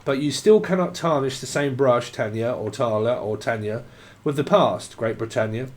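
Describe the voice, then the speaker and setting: A man's voice: mid-range voice, normal speed, darkish tone. Rambling man reading tarot. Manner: rambling free association, swearing, breaking into song. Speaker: tarot reader.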